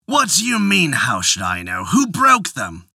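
A storyteller voicing an exasperated husband who questions his wife slowly and forcefully. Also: mid-range voice, wildly swooping pitch, gravelly, husky, no echo, clean studio sound, exaggerated voice. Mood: angry. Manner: slow, forceful, demanding. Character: angry exasperated husband, tailor. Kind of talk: storytelling voice acting.

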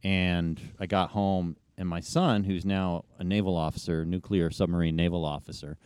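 A man's voice: low voice, steady tone, moderate pace, a little mellow, clean tone, no echo. A middle-aged man telling long anecdotes in a casual interview, rambling with many fillers and restarts. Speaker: guest ultrarunner.

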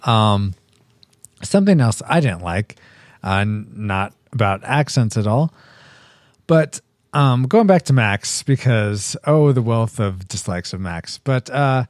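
A man hosting a casual movie review chat, animated and laughing often as he argues his points. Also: on the low side, slow, dry recording, studio quality. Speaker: podcast host.

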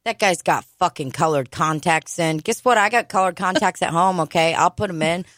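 A woman's voice: on the low side, normal speed, fairly bright tone, no room sound. A woman co-hosting a casual comedy podcast, joking crudely and swearing often. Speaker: podcast co-host. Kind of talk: casual chat.

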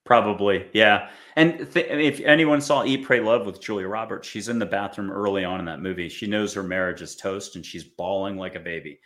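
A man's voice: fairly low pitch, a little fast, hardly any pauses, fairly bright tone. A man from the United States giving a casual spiritual talk to an audience, chatty and acting out little quoted voices. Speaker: spiritual speaker.

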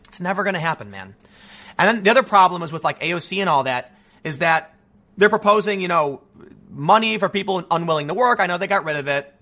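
A man's voice: sits high, lively intonation, fast, sharp tone. A man giving combative political commentary, talking emphatically with casual asides. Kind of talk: ranting commentary.

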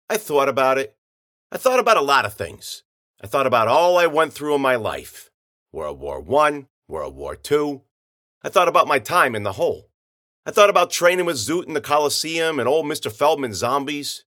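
A man narrating a hard-boiled first-person story in gritty, slangy speech with rough grammar. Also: a little high, big pitch swings, moderate pace, pushed and bright.

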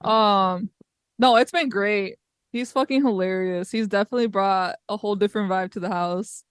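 A woman's voice: medium pitch, moderate pace, smooth, no room sound, studio quality. A young woman, a podcast guest, chatting casually with laughter and swearing as she tells stories about home. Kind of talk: casual chat.

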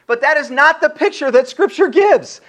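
A man's voice: extremely high pitch, expressive, moderate pace, a bit bright. A man preaching a sermon as pastor, driving his points home with repeated rhetorical questions and reading scripture aloud between his remarks.

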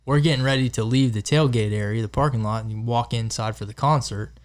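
A man's voice: medium pitch, fairly quick. A man on a podcast in a studio, telling an easygoing, chatty story to friends. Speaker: podcast guest. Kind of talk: casual storytelling among friends.

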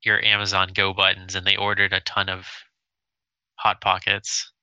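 A man co-hosting a casual chat, rambling and stumbling over his words when he gets excited. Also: deep voice, moderate pace, smooth, no echo, rough recording. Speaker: podcast co-host.

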